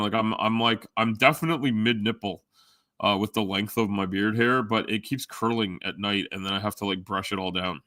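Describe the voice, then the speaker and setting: A middle-aged man hosts a livestream, chatting with viewers in a loose, rambling way full of ums and restarts. His voice sits on the low side but comes across bright and sharp. The sound is dry and close. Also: dry recording. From Canada. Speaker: livestream host. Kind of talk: casual chat with live viewers.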